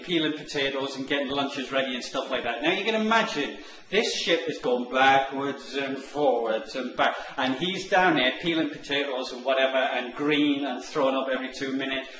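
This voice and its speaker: A man telling a long comic anecdote, animated and acting out the characters' lines. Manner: animated, acts out the characters' lines in higher voices. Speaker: online marketing presenter. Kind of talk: storytelling anecdote. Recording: echoey room with faint noise.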